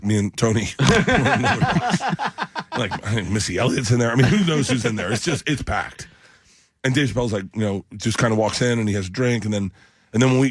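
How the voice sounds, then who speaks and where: A man's voice: mid-range voice, slightly rough, no room sound. A middle-aged man, a guest comedian in a radio studio, telling rambling stories with lots of laughter and restarts. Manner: animated, laughs through his stories. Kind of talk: casual interview storytelling.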